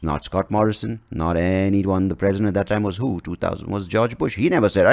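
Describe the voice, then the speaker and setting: A man's voice: low voice, brisk, gravelly, hardly any pauses, a little mellow. A man hosting a podcast, rambling through a profane, self-mocking comedic monologue. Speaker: podcast host.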